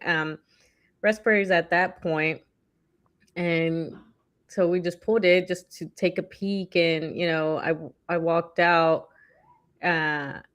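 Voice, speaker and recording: A woman's voice: lowish voice, fairly bright tone. A woman co-hosting a casual chat, talking loosely with lots of fillers and acting out quotes animatedly. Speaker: podcast co-host.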